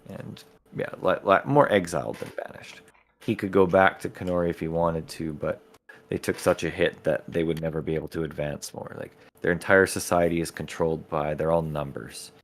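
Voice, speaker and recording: A man's voice: low-pitched, steady tone, normal speed. A man, the game master of a tabletop campaign, explaining his setting's lore in casual podcast chat.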